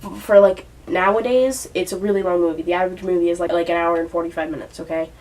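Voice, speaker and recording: A woman's voice: fairly low pitch, fairly even intonation, fast, darkish tone, far from the mic, rough recording. A young woman reviewing a movie in a casual vlog, ranting and swearing in exasperation.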